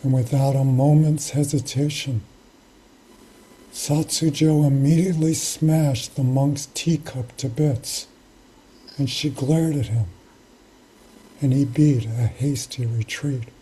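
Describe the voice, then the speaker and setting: A Zen teacher tells a teaching story in a slow, unhurried way. The voice is mellow and soft-edged, and the delivery is measured and reflective, pausing between phrases. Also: medium pitch, steady tone, breathy edge, low-quality recording. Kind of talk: storytelling sermon.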